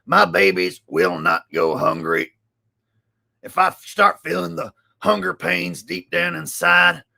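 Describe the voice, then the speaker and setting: A man putting on a bombastic male conspiracy broadcaster, ranting over the top and swinging between shouting and near-whispering. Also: fairly high pitch, vocal fry, exaggerated voice. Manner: over-the-top shouting rant, sudden swings loud to soft.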